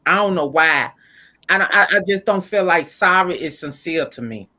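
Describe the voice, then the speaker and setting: A woman's voice: fairly low pitch, expressive, normal speed, sharp tone. A middle-aged woman hosting a casual podcast chat and reading out listener comments, emphatic and prone to repeating words as she thinks. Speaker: podcast host.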